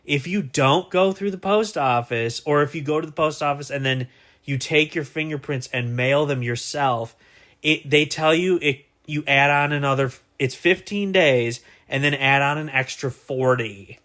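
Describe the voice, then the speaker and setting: A man's voice: a little high, a bit bright. Easygoing American man in his thirties. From United States. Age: 30s. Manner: easygoing, halting, explains at length. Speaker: podcast co-host. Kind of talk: casual chat.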